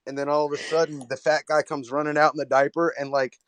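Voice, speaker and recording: A man's voice: fairly high pitch, flat delivery, fast, dry recording. A man hosting a livestream, telling crude stories in casual chat and laughing as he goes. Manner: laughing storyteller, crude jokes. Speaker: livestream host.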